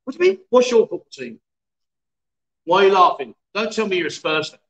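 A man's voice: high-pitched, sing-song, a little fast, fairly bright tone. Chatty man hosting a livestream. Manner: chatty, joking, reads viewer comments aloud. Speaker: livestream host. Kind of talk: casual livestream chat.

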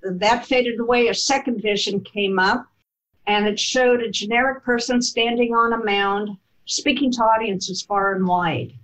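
A woman telling a personal story in an interview, animated and laughing as she goes. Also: mid-range voice, unhurried, low-quality recording. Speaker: guest telling her life story.

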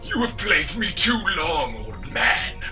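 A man's voice: fairly high pitch, sing-song, unhurried, faint music behind, voice pushed up, full character voice. Sex: male. Figure: a man voicing an evil hissing sorcerer. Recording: distant mic. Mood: menacing. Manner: hissing, shouted threats.

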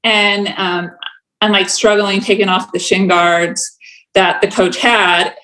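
A woman's voice: medium pitch, steady tone, takes it slowly, pushed and bright, poor audio. Woman, young adult, casual storytelling, laughs a lot, lots of "like". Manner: chatty, laughs often, many "like" fillers. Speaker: guest telling her story.

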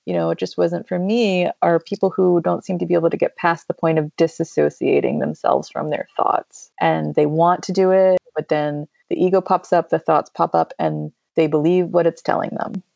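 A woman's voice: on the low side, steady tone, moderate pace, gravelly, hardly any pauses, mellow, no echo. A woman guest in casual chat, thoughtful and playful, heard on a dull, muffled recording. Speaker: podcast guest.

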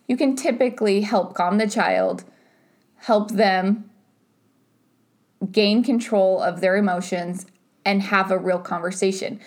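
Chatty woman, animated and rambling. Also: medium pitch. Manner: animated, lots of "like" and "right?". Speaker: podcast co-host. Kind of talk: casual couples chat.

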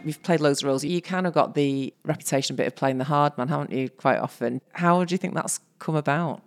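A woman's voice: low-pitched, brisk, soft background music. A woman hosting a podcast, who asks questions in a friendly, curious way. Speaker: podcast host. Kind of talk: casual interview.

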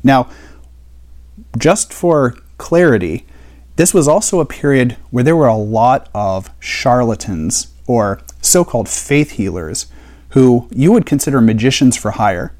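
A man's voice: mid-range voice, animated, unhurried, a little mellow. Man teaching a Bible study. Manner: conversational, explains with rhetorical questions.

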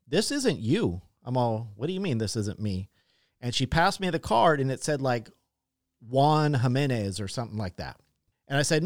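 A man hosting a podcast, telling a personal story in a casual, profane, animated way and acting out the people he quotes. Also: medium pitch, dry recording, clean studio sound. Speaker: podcast host.

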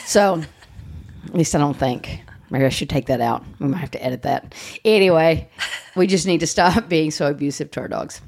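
A woman's voice: deep voice, normal speed, vocal fry, a little mellow. A woman hosting a podcast, chatting casually, blunt and joking, swearing freely. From United States. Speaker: podcast host. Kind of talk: casual chat.

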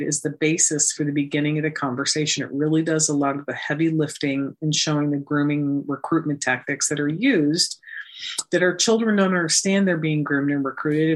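A woman guest in an interview, telling her story with lively emphasis and acting out the dialogue. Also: deep voice. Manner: animated, emphatic, acts out quoted dialogue. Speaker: guest, nonprofit founder.

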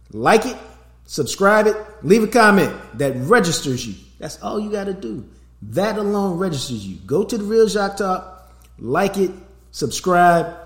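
A middle-aged man hosting a sports podcast, talking in a loose, streetwise way and slipping in promo plugs. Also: a little high. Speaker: podcast host. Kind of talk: casual sports podcast chat. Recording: roomy echo.

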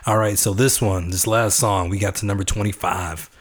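A man's voice: lowish voice, steady tone, normal speed. A man from Texas hosting a podcast, chatting casually and with enthusiasm about the songs he plays. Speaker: podcast host.

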